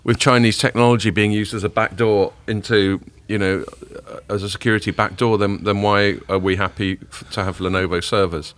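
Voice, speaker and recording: A man's voice: lowish voice, fairly even intonation, fairly quick, few pauses, a bit bright. A man hosting a tech podcast, chatting casually and giving firm opinions. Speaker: podcast host.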